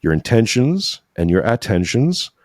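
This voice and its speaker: A man with a mid-range, darkish voice and big pitch swings speaks at a measured pace, recorded at studio quality with no room sound. As a podcast guest in a religious discussion, he talks earnestly and preachily about faith, often saying "right?" and sometimes becoming emotional.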